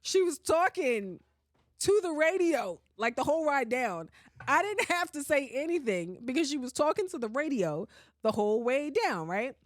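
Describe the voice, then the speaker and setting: A woman hosting a podcast, telling a story in casual chat, animated and often laughing and swearing. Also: sits high, normal speed, dry recording, studio quality. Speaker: podcast host.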